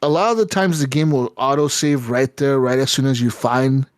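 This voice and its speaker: A man co-hosting a gaming podcast, telling stories in a lively, casual way and swearing often. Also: mid-range voice, normal speed, no echo. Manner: animated storytelling, swears often. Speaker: podcast co-host. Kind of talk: casual chat.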